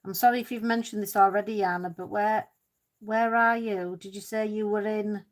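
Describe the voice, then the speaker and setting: A woman's voice: medium pitch, fairly even intonation, unhurried. A woman chatting casually during a colouring live stream, reading out and answering viewers' comments with easy, self-deprecating humour. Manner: self-deprecating, laughs easily. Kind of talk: casual chat while colouring.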